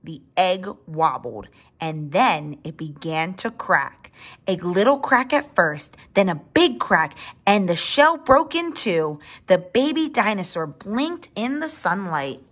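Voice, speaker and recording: Woman reader, children's story read-aloud, expressive, talks to kids. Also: fairly low pitch, takes it slowly. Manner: expressive, with asides to young listeners.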